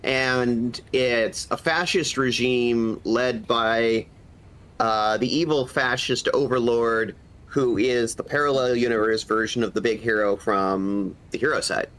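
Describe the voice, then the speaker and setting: A man with a husky voice from a cold, chatting casually and eagerly explaining game lore while streaming. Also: medium pitch, unhurried, fairly bright tone, poor audio. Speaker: gaming streamer. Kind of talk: casual gaming stream chat.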